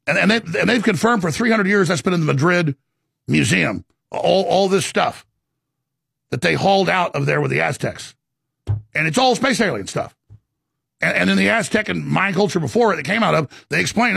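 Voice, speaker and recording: A man's voice: high-pitched, lively intonation, vocal fry, fairly bright tone, breathy edge, no room sound, clean studio sound. A man delivering an impassioned, ranting monologue, repeating words as he pushes his points. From Texas. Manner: ranting, rapid and repetitive.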